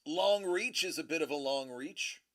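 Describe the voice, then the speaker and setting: A man's voice: fairly high pitch, lively intonation, moderate pace, a bit bright. A middle-aged man hosting a casual collectibles show, rambling and joking as he tells stories with many restarts. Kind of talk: casual chat.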